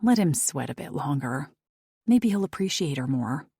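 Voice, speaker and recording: Casting: woman audiobook narrator, low husky voice, soft hushed delivery, dry booth sound. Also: sing-song, moderate pace, no echo.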